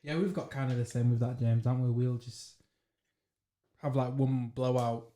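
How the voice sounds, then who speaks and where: A man hosting a podcast who talks in a reflective, measured way, with "you know" and "like" as fillers. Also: mid-range voice, steady tone, mellow. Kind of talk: casual podcast conversation.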